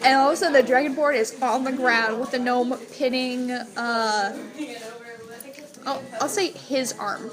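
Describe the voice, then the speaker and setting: A woman's voice: high voice, fairly even intonation, measured pace. A woman narrating a tabletop game as game master, casual and full of fillers. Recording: noisy room with crowd chatter.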